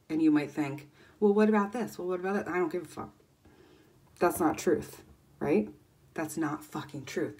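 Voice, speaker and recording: Fervent, foul-mouthed woman coach. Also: low-pitched. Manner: fervent, swears constantly, swings between loud emphasis and near-whispers. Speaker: life coach. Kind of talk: impassioned motivational livestream.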